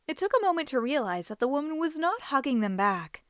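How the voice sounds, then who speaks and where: A woman reads a children's story aloud with lively, expressive delivery. Her voice sits a little high and moves a lot. The recording is dry and close. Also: a little fast, no room sound. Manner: animated, expressive. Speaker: host and storybook reader.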